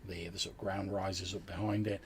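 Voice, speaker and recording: A man's voice: sits low, little pitch movement, a little fast, a little hiss or hum. A man narrating a tabletop game as game master, describing scenes in a rambling way with many fillers.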